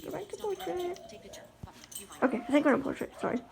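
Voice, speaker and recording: A woman's voice: very high voice, expressive, brisk, gravelly, crowd noise. A woman talking in a casual vlog about life with her guide dog, chatty and rambling with lots of fillers and restarts.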